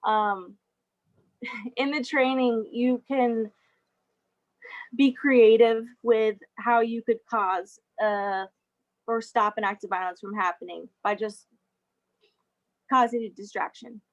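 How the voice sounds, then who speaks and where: A woman's voice: on the high side, fairly even intonation, slow pace, long pauses, lo-fi sound. A young adult woman giving a casual talk as guest speaker, chatty, with frequent laughs and fillers. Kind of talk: casual presentation over a video call.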